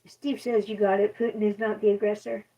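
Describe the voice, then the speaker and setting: A woman co-hosting a livestream who reads viewer comments aloud and chats in a mild, low-key way. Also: flat delivery, a little fast, mellow. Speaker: livestream co-host reading chat. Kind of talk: casual chat, reading viewer comments. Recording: dull, distant stream audio.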